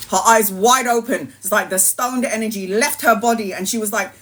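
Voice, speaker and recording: A woman spinning a personal story on a live stream, loose and animated. She swears freely and slips into other people's voices. Her pitch sits mid-range for a woman. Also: fairly quick, slight background noise. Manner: animated, swearing, laughing anecdote. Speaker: tarot reader, streamer.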